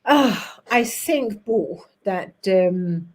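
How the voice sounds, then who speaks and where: Woman medium, emphatic storyteller, forthright and mid-pitched, forceful on key points. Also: very slow. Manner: emphatic, forthright, lively anecdotes. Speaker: physical medium, guest. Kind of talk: storytelling in a spiritualist talk.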